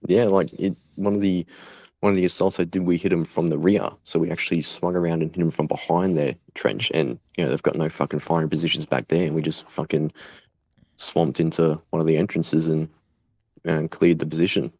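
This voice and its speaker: A young Australian man speaking bluntly in an interview, swearing freely and pausing often with fillers. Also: very deep voice, little pitch movement, a little mellow, dry recording. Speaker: guest, volunteer fighter. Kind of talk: casual conversational interview.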